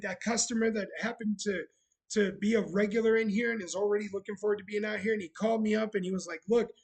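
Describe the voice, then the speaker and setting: A man's voice: high voice, fairly even intonation, quick pace, slightly rough, poor audio. A man chatting casually on a live stream, sarcastic and talkative, greeting viewers as he goes. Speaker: streamer running a bar roleplay channel.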